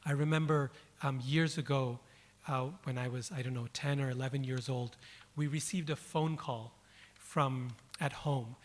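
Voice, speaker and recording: A man's voice: medium pitch, steady tone, measured pace. A man giving a devotional lecture at an event, telling a personal story and repeating words for emphasis. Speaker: speaker. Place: event hall. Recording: long hall reverb.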